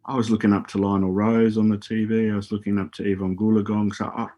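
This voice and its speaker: Aussie bloke, middle-aged, low voice, rambly storytelling on radio, trips over his words a lot. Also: level tone, fast, lo-fi sound. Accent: Australian. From Australia. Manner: rambling, repeats words, casual swearing. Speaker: guest, former Olympic hurdler. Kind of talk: casual storytelling on a radio show.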